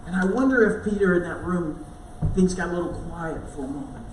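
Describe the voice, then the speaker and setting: High-voiced man acting out a Bible story. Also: animated, slight background noise. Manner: halting, repeats words while storytelling. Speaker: church speaker. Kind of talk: dramatic first-person Bible monologue. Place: church sanctuary. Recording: echoey room, voice from far off.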